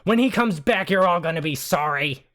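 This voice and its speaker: A man voicing a short, red-haired young woman who shouts and swears in fury. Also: high voice, expressive, normal speed, pitched above the performer's own voice. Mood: threatening.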